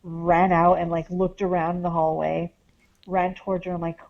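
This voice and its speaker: A woman's voice: lowish voice, level tone, moderate pace, dull audio. A woman, a paranormal investigator, talks casually as a podcast guest, rambling with many fillers as she tells a story. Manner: rambling, heavy on "like" and "um".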